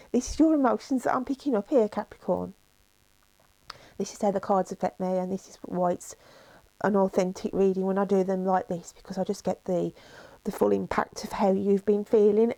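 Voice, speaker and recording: A woman's voice: medium pitch, fairly even intonation, moderate pace, gravelly, mellow, no echo. A woman giving a tarot reading, talking to viewers in an emotional, reassuring way with many fillers and frequent "okay?" checks. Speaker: tarot reader.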